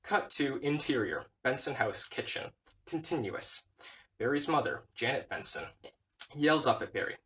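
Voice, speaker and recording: A man's voice: mid-range voice, very animated, moderate pace, fairly bright tone, distant mic, low-quality recording. Man reciting a script, heard from afar. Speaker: reader. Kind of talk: reading a script aloud.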